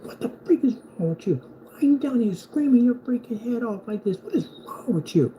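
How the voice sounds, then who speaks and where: A man's voice: very high voice, animated, fairly quick, voice pushed up. A man putting on an exasperated wife scolding her husband in a hissing half-whisper.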